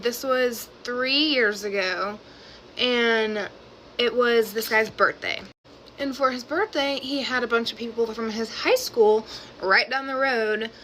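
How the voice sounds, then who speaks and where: Bright-voiced teen girl telling a story. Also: on the high side, slight background noise, poor audio. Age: teens. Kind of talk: casual storytime.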